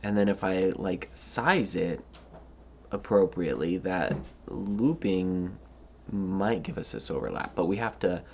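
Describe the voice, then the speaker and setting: Tired, unhurried man with a very low, fry-edged voice, hesitant and musing; faint keyboard clatter behind. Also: a little mellow, highs cut off, a little hiss or hum. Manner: musing, hesitant, many fillers and restarts. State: tired, yawning. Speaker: coding tutorial host. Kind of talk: thinking-aloud coding walkthrough.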